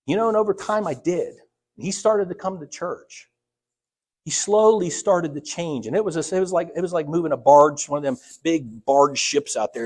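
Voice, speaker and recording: Preaching a sermon, this middle-aged church elder from Ohio has a fairly high, animated voice with a darkish, slightly rough tone at a normal pace. His personal stories come out in a chatty way, full of restarts and performed quotes.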